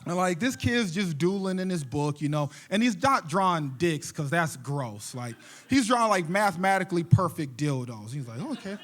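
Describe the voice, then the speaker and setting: High-voiced stand-up comedian. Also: male voice, normal speed, few pauses. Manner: animated storytelling, jokey. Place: theater stage.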